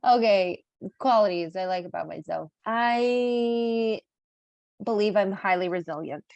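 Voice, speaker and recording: Slow-talking woman, laughs often. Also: mid-range voice, gravelly, a little mellow, no echo, highs cut off. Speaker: podcast co-host. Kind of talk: casual chat.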